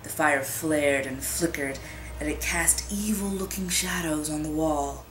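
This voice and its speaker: A woman reading a scary story aloud in a suspenseful, drawn-out way, whispering the sound effects. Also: low voice, noisy background. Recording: echoey room with music behind.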